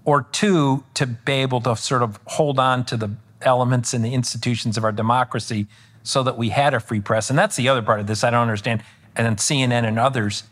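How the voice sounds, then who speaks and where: Speaking a little fast in a mid-range voice, this man is a political commentator guesting on a podcast interview. His talk rambles with frequent restarts and self-corrections, turning animated as he retells exchanges.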